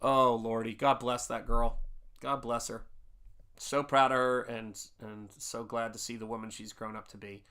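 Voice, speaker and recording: A man's voice: mid-range voice, level tone, normal speed, bright, forceful tone, clean tone. A middle-aged man from the United States hosting a casual live stream, chatting and reading viewer comments while he paints, rambling with restarts in a chummy way. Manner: rambling, restarts, reads chat aloud, chummy. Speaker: livestream host painting and chatting.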